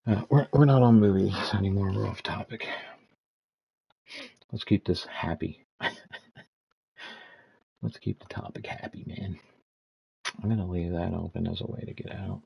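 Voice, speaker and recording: A man's voice: deep voice, fairly even intonation, unhurried, gravelly, pauses often, husky, muffled recording. A man in his fifties streaming a game, ranting and swearing as he tells stories in casual chat. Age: 50s. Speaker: gaming streamer.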